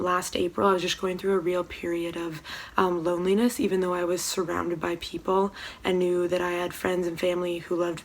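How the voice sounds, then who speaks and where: Young woman doing a devotional from her house, lots of ums, kinda low flat voice. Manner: soft-spoken, hesitant with many ums. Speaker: church devotional speaker. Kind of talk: casual home devotional talk. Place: room at home.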